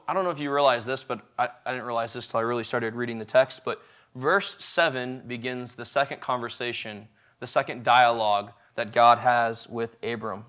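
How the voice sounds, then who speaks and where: A man delivers an evening sermon at a medium pitch, speaking casually and often putting questions to his listeners. His delivery is lively, rising and falling in loudness and speeding up or slowing down as he explains. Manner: conversational, asks the audience questions; lively, shifting loudness and pace. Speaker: preacher.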